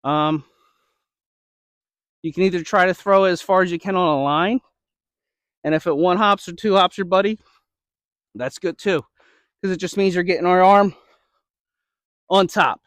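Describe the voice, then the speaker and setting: A man's voice: high-pitched, normal speed, long pauses, a bit bright, no echo. A man coaching baseball throwing drills, checking in often with "okay?" and a little out of breath. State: slightly out of breath. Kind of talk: instructional demo.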